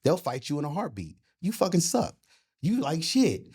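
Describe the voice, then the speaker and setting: A middle-aged man spins a profane, lively story in a casual interview. His voice jumps around in pitch as he gets worked up. He keeps checking in with the listener as he talks. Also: normal speed, slightly rough. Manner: profane, animated storyteller with frequent "you know what I'm saying". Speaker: boxing and MMA coach, guest.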